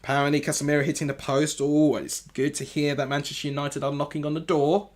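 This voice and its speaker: A man's voice: on the high side, flat delivery, quick pace. A man streaming a live football watchalong from home, reacting to the match and often correcting himself aloud as he goes. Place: home room with TV.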